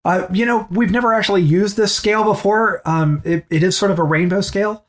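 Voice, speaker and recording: A man's voice: sits high, brisk. A man co-hosting a comedic movie podcast, playfully quizzing and teasing the others. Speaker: podcast co-host.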